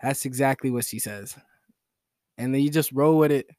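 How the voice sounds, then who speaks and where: A man's voice: medium pitch, moderate pace, darkish tone, no room sound. Young guy rambling alone on his podcast, slangy and joking at himself, dry close sound. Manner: rambling, slangy, self-mocking. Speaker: solo podcast host. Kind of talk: casual joking monologue.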